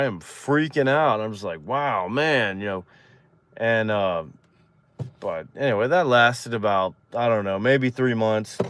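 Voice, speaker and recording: Smooth-voiced man telling a story. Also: dry recording. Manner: animated, acts out quoted dialogue with rising pitch. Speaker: show host. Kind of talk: casual storytelling.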